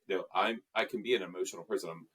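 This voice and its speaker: Low, husky-voiced man, earnest guest. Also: very fast, fairly bright tone. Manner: earnest, reflective, with many fillers. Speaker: guest, emotional intelligence trainer. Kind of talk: interview conversation.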